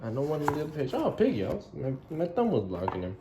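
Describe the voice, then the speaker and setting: Expressive man reading a picture book aloud. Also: fairly high pitch, fast talker, noisy background. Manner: warm asides, chuckling at the story. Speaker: children's book reader. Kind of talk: read-aloud storybook narration.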